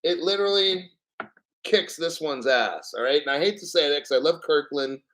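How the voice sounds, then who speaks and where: A man's voice: fairly high pitch, moderate pace, fairly bright tone, low-quality recording. Rambling, profane man hosting a livestream. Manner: rambling and profane, clears throat often. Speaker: crypto livestream host. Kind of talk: casual livestream chat.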